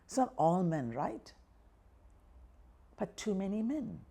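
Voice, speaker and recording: A woman's voice: mid-range voice, very animated, takes it slowly, vocal fry, dark tone, husky. An older woman from Malaysia with a Malaysian English accent, speaking passionately in an interview and acting out what others say. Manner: passionate, acts out quoted voices, frequent "right?" and "you know". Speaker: activist guest. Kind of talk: conversational interview.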